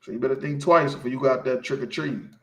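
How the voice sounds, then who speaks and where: A man's voice: medium pitch, rapid-fire, reverberant, noisy background. A man giving an informal sermon, teaching scripture emphatically and asking his listeners again and again if they follow him. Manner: emphatic, preachy, keeps asking "you feel me". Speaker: street preacher teaching scripture.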